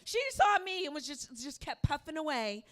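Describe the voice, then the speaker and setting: Bright, brash woman doing stand-up. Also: high voice, expressive, normal speed. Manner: brash, profane storytelling. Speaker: stand-up comedian. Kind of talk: stand-up set. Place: comedy club stage.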